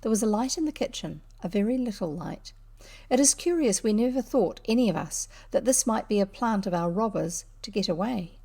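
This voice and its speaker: Gravelly woman reading a children's story. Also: mid-range voice. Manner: lively, unhurried reading with small slips. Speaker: audiobook reader. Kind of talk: storybook narration.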